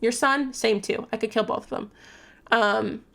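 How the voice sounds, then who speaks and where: A woman voicing a menacing vampire man, a smooth gaslighting villain, in a low-key, threatening way. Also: fairly even intonation, measured pace, bright, forceful tone, full character voice.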